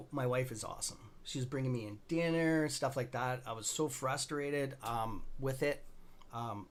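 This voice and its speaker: A middle-aged Canadian man hosting a stock trading livestream, rambling loosely and greeting viewers by name in a friendly, casual way. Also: mid-range voice.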